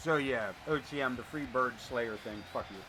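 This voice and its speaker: Over music, a man with a mid-range voice and a moderate pace handles live wrestling commentary. Between calls of the action he slips into casual chat, telling blunt, profane, chatty stories.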